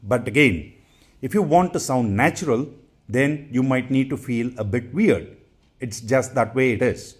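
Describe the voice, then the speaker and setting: Slow, deliberate male pronunciation teacher. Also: medium pitch, slightly rough. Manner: deliberate, repeats each word twice for practice. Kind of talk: slow instructional drilling.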